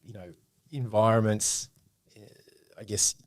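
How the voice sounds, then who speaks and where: A man hosting a podcast interview, speaking hesitantly with many pauses and restarts. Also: fairly low pitch, steady tone, dry recording, clean studio sound. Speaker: podcast host.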